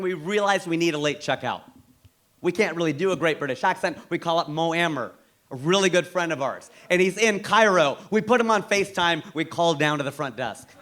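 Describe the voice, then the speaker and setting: An American man doing a stand-up set, telling stories with animated, punchy delivery and big emphatic swings. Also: high voice, fairly quick. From United States. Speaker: stand-up comedian.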